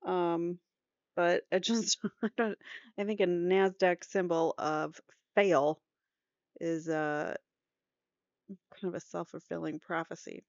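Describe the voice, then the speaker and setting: A woman's voice: lowish voice, steady tone, slow, pauses often, a little mellow, dry recording, highs cut off. A woman host reading aloud from a trial transcript, breaking off often with casual joking comments. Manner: reads both sides of testimony aloud, breaks off with joking asides and laughs.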